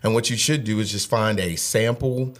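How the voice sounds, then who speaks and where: A man's voice: on the low side, moderate pace. A man in his thirties, a guest on a podcast, giving earnest advice in casual talk and often repeating words as he thinks. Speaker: HR director guest.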